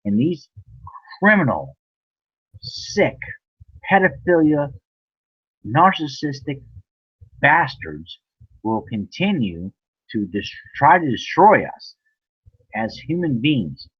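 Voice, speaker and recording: A man on an angry rant, talking slowly and sliding up and down in pitch as he works himself up. His voice is a little husky, and he sounds dry and lo-fi. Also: sing-song, no room sound. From United States. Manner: heated, repetitive, swearing. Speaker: vlogger.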